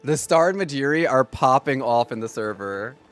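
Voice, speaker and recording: A young man streaming a game, chatting casually in an excitable, dramatic and sarcastic way. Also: mid-range voice, moderate pace, soft background music. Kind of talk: casual gaming livestream chat.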